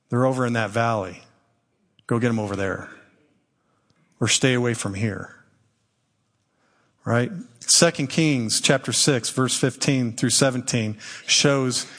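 A middle-aged man preaches a sermon as a church elder, speaking in a conversational, earnest way and acting out the lines he quotes. His voice sits at an ordinary middle pitch. The sound rings with the long reverb of a church hall. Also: fairly bright tone. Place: church sanctuary.

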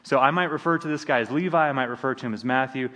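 A man's voice: medium pitch, fast, a bit bright. A man preaching a sermon as pastor, in a conversational manner with frequent restarts and asides. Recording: long hall reverb.

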